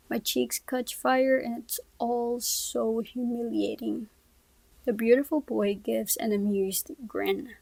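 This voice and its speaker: A woman reading a first-person novel aloud, soft-spoken and often sinking to a whisper, close to the mic. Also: fairly high pitch, steady tone, normal speed, creaky, breathy edge, no echo, low-quality recording. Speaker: audiobook reader.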